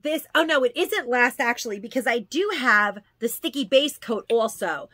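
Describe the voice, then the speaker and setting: A woman's voice: sits high, bright, forceful tone, dry recording. A woman chatting casually through a product haul, gushing and repeating words for emphasis. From New York. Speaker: haul vlogger.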